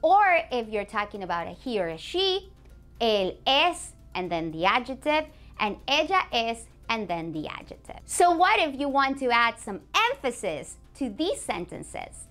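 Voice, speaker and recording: A woman teaching a beginners' language lesson, a native Spanish speaker who says example phrases slowly and clearly and praises the learner. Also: fairly high pitch, big pitch swings, fairly bright tone, faint music behind. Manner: clear, slow modeling of example phrases, encouraging.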